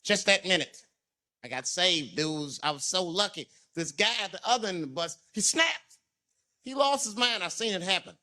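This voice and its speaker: A man's voice: fairly high pitch, fairly quick, bright, forceful tone. A male stand-up comedian telling a long profane story, acting out the voices of people in it. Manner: profane and conversational.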